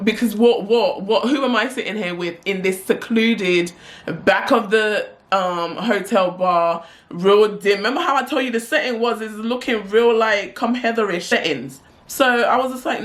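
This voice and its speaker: A woman, telling a story for her vlog in a lively, slangy way. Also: medium pitch, normal speed. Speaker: vlogger.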